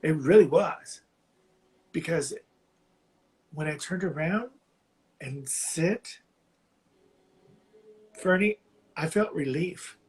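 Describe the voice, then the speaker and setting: A man calling in to a live reading, sharing something painful in a halting, heartfelt way while close to tears. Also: fairly high pitch, darkish tone, poor audio. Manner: halting, heartfelt, slow, often restarting phrases. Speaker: caller on a live psychic reading. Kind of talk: emotional personal sharing.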